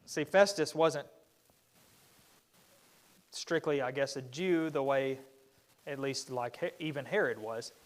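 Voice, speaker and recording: A man's voice: mid-range voice, slow pace, pauses often. A man teaching a church Bible study in a loose, conversational way. He restarts often and puts on livelier voices when he quotes someone. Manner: conversational, with frequent restarts and fillers; acts out quoted speakers in a livelier voice. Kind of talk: Bible class lesson. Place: church classroom.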